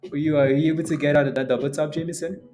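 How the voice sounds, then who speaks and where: A man's voice: a little high, fast talker. Joking livestream host, man, faint music. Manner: joking, animated, laughs often. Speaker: livestream stock trading host. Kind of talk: casual livestream chat.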